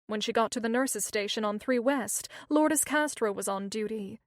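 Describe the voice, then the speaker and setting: A woman narrating a thriller audiobook in a steady, measured reading. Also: fairly high pitch, dry recording, studio quality. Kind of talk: scripted narration.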